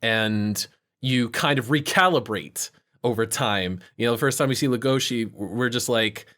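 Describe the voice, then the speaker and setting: A man co-hosting a casual chat podcast, thinking aloud and softening his points with small hedges. His voice sits at a plain middle pitch. He sounds reflective and easygoing. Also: normal speed. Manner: thoughtful, hedging with fillers. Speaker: podcast co-host.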